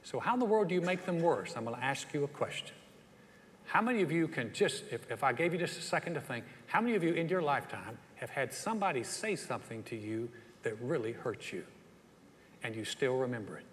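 A man with a Southern US accent preaching a sermon in a folksy, animated way, often asking the congregation questions. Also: mid-range voice, long reverb tail, a little hiss or hum. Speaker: pastor.

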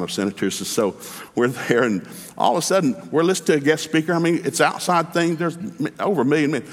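A middle-aged man preaches in a fast, folksy storytelling way, his pitch swinging widely as he acts out each voice in a conversation. His voice carries a long reverb from a large hall. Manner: folksy, animated storyteller acting out both sides of dialogues. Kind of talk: sermon with storytelling.

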